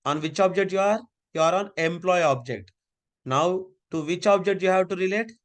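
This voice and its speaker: A man's voice: high voice, normal speed. A man teaching a live online class over a video call, giving repeated step-by-step instructions.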